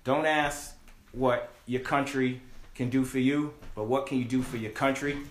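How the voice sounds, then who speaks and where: Animated man telling a story, echoey room. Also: mid-range voice, moderate pace. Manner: animated, acts out voices in quotes, swears freely. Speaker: podcast guest telling a story. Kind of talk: casual storytelling chat.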